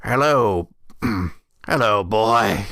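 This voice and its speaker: A man doing a gruff dying old man in a wheelchair. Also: lowish voice, animated, a bit bright, no room sound, studio quality, pitched below the performer's own voice, heavily acted. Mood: grim. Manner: slow, folksy, coughing.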